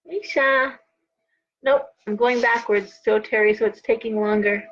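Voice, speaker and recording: Tired middle-aged lady doing a tarot livestream, kinda high voice, rambly, muffled lo-fi audio. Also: steady tone, unhurried. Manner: chatty, rambling, frequent restarts and asides. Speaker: host and tarot reader. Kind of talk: casual live-stream tarot reading.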